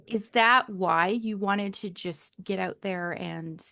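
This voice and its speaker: Bright, encouraging podcast host woman. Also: mid-range voice, slow pace, creaky. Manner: encouraging, asks leading questions. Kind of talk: casual interview chat.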